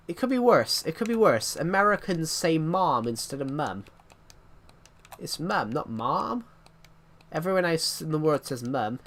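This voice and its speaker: A man's voice: on the high side, a bit bright. A British man in his twenties chatting casually with viewers while streaming a game, rambling as he answers their comments. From Britain. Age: 20s. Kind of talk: casual live-stream chat while gaming.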